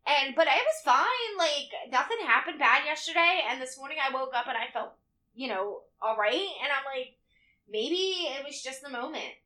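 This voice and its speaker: Podcast co-host, woman, bright and fairly high voice, animated, swears freely. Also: moderate pace. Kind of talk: casual chat.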